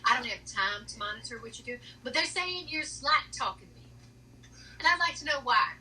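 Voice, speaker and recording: A woman doing a comedy impression of a nagging female big-cat sanctuary owner, scolding in a rambling, deadpan way. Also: on the high side, moderate pace, recorded from a distance, a little hiss or hum, rough recording.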